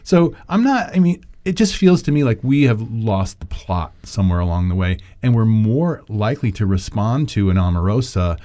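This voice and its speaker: A man co-hosting a podcast, talking politics in a casual, animated, digressive way and laughing often. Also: fairly low pitch, moderate pace, few pauses. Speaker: podcast co-host.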